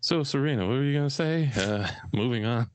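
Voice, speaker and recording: A man's voice: medium pitch, a little fast, a little hiss or hum. A man co-hosting a podcast, dropping short, dry jokes into the conversation. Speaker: podcast co-host. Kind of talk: casual podcast chat.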